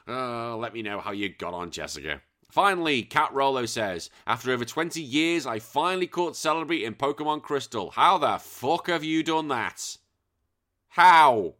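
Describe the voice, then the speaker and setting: A middle-aged English man hosting a podcast, reading out listener messages in casual chat and bursting into loud sworn exclamations. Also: mid-range voice, normal speed. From England. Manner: animated, swears freely, bursts into loud exclamations. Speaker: podcast host.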